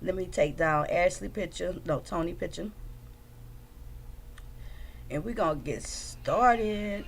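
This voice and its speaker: A woman, chatting casually as host of a livestream, greeting viewers by name in an animated way. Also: fairly low pitch, slow pace, creaky, pauses often, a little hiss or hum. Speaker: livestream host commenting on trial footage.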